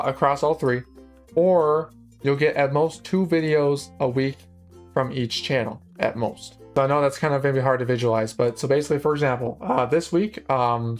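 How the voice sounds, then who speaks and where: A man in his early twenties talking off the cuff in an unscripted channel update, rambling with many restarts and filler words. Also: medium pitch. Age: early 20s. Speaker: YouTube creator.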